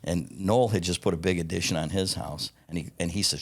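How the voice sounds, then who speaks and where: A man in his fifties with a low-pitched voice, a parts company founder appearing as a podcast guest, tells stories from his working life at normal speed. His casual, anecdotal telling is blunt and profane, with quoted dialogue acted out and chuckles between lines.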